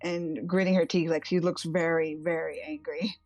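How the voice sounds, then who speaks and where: A woman's voice: low voice, level tone, moderate pace, no echo. Woman describing her tabletop character. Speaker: player. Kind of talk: casual tabletop role-play.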